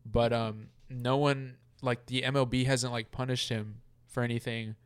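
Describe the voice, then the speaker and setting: A man's voice: mid-range voice, flat delivery, normal speed, clean tone. A man co-hosting a casual chat podcast, talking loosely with lots of fillers and the odd swear word. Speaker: podcast co-host.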